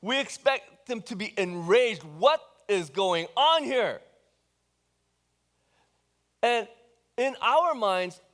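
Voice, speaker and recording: A pastor preaches a sermon, engaging the congregation in a conversational, questioning way and telling the story with animation. His voice is extremely high-pitched and a bit bright.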